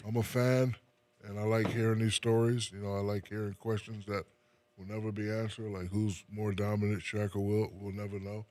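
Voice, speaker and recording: A man from New Jersey, a retired basketball player, chatting casually as an interview guest, soft-spoken and restarting sentences with repeated words. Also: lowish voice, little pitch movement, normal speed.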